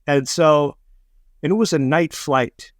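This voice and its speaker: A middle-aged man co-hosting a podcast, telling animated, profane anecdotes in casual chat and acting out the quotes. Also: fairly high pitch, takes it slowly, no echo, clean studio sound. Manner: animated anecdotes, swears freely, acts out quotes. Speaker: podcast co-host.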